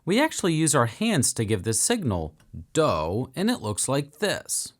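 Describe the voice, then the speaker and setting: A man's voice: medium pitch, huge pitch swings, a little slow. A man teaching a beginner piano lesson for children, upbeat and encouraging as he counts and sings along.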